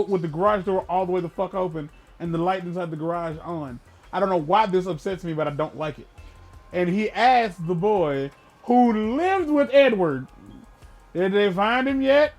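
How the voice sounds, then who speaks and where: A man co-hosting a gaming podcast, casually and profanely retelling a film, with bursts of loud emphasis. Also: sits high, normal speed, soft background music.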